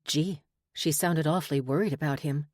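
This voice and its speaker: A woman narrating a romance audiobook in a measured, expressive reading. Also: sits low, no echo, clean studio sound. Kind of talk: scripted narration.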